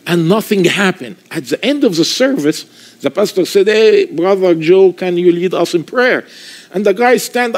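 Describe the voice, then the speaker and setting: Impassioned Egyptian-accented male preacher. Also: high-pitched. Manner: impassioned, dramatic storytelling in non-native English. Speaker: preacher giving his testimony. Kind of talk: testimony sermon.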